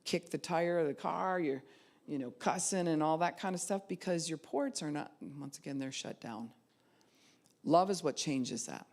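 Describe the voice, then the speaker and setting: A woman pastor delivers a sermon in a low, deep-set voice. She preaches with animated, shifting delivery, swinging from quiet asides to loud ringing cries as she retells the story. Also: moderate pace.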